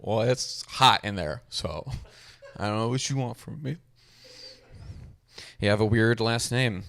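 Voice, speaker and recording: A man's voice: lowish voice, unhurried, vocal fry, fairly bright tone. A young man doing a stand-up comedy set with a dry, self-deprecating delivery. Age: young adult.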